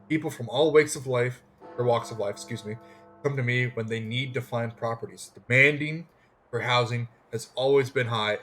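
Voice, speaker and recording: A man's voice: mid-range voice, a bit bright, close to an everyday voice. A man reading as a slick woman property agent. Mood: boastful. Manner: plain read-aloud, no put-on voice. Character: scheming woman property agent, smooth salesy talker.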